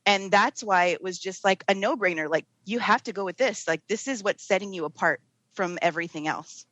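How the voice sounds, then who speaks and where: A woman's voice: mid-range voice, a little fast, bright, forceful tone, no echo, rough recording. A woman in her thirties, a guest on a podcast, speaking candidly and at length with laughs between thoughts. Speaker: guest, TV producer and mother. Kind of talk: casual interview chat.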